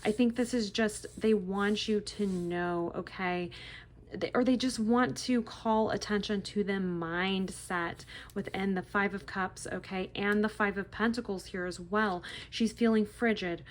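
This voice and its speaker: A woman giving a casual, gentle tarot reading to her viewers, reassuring and repeating herself with frequent "okay?" checks. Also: medium pitch, measured pace, slight background noise. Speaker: tarot reader.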